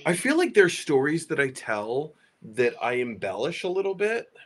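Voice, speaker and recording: A man's voice: a little high, moderate pace. A man in a casual podcast chat, telling rambling stories with lots of laughter. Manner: rambling, animated, laughing storyteller. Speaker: podcast guest.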